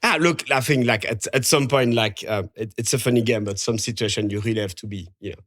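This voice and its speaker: Belgian man, French accent, chatty podcast guest, halting and self-correcting. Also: lowish voice, fairly bright tone. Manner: hesitant, many fillers and restarts, laughs often. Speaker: guest, mining assistant general manager. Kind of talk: casual podcast interview.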